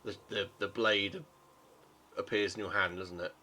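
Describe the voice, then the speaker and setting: A man's voice: on the low side, fairly even intonation, measured pace, pushed and bright. A man running a tabletop game as game master, narrating in a rambling way and correcting himself as he goes.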